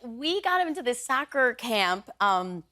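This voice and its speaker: A woman in her thirties, appearing as a talk show guest, chats in a bubbly, animated way and acts out little voices while telling stories. Her voice is fairly high and sing-song at a measured pace, with heavy background noise.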